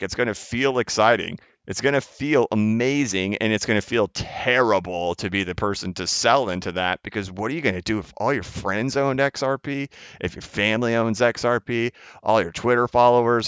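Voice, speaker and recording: Guy doing a casual emphatic market rant, low smooth voice, dry dull mic. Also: a bit bright, no room sound. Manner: emphatic, repetitive, chuckling asides. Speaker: channel host. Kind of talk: casual market commentary monologue.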